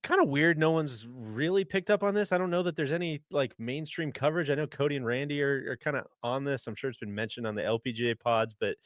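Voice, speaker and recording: A man's voice: medium pitch, quick pace, few pauses, no room sound, studio quality. A man hosting a casual golf podcast, chatting and reading an ad. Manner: conversational, reads ad copy. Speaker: podcast host.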